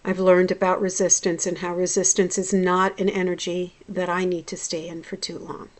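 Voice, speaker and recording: A woman in her forties, a hypnotherapist, telling a personal story in a vlog, blunt and profane, dropping to low mutters and then flaring into loud outbursts. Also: little pitch movement, normal speed.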